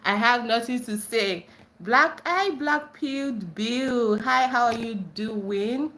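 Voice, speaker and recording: A woman's voice: takes it slowly, fairly bright tone. Bubbly Nigerian woman hosting a livestream. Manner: bubbly, bursts into high squeals greeting friends. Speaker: livestream host reading chat. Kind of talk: casual livestream chat.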